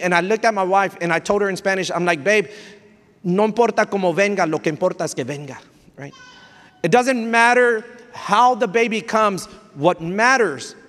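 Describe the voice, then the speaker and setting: Male pastor, emotional storytelling sermon, slightly high voice, frequent restarts, live church reverb. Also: a bit bright. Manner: mixes in Spanish phrases. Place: church hall.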